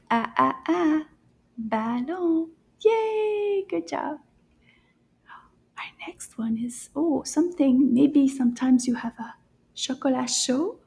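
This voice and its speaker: This high-voiced woman leads a French lesson for children, keeping her tone soft and supportive. She often half-whispers and enunciates each word with slow, careful clarity.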